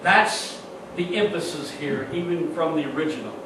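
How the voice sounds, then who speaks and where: A man preaching a sermon earnestly, swinging from loud emphatic peaks to soft reflective asides with frequent restarts, recorded from a distant mic in an echoey church with background noise. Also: on the high side, normal speed. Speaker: pastor. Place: church sanctuary.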